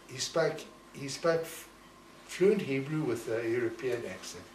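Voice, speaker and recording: An older man from Rhodesia recalls his family in a slow, reflective way. He tells his stories like an oral history, voicing his relatives as he goes. The room sounds roomy, the mic sits away from him, and there is a faint hiss behind. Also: mid-range voice, big pitch swings. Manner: reflective, storytelling, acts out family quotes. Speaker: interviewee. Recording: roomy echo, distant mic, faint noise.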